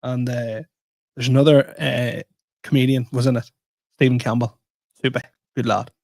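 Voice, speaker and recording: A man's voice: medium pitch, moderate pace, creaky, no room sound. A man co-hosting a podcast, telling a story in casual chat and poking fun at himself. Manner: animated, self-mocking storyteller. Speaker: podcast co-host.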